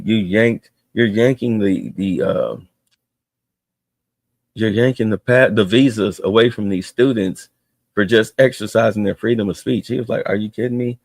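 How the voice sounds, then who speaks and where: Gravelly man ranting, profane and heated. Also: fairly low pitch, darkish tone, dry recording, clean studio sound. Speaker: streamer. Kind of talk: ranting political commentary.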